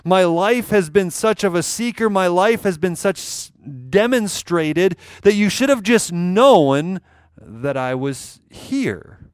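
Guy doing a calm earnest kid explaining himself, slightly high voice, dry sound. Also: takes it slowly, smooth, no room sound. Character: calm twelve-year-old boy answering his mother.

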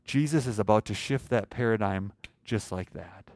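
A male pastor preaching a sermon, asking the congregation questions and swinging between loud and soft. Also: on the low side, normal speed, no echo, studio quality.

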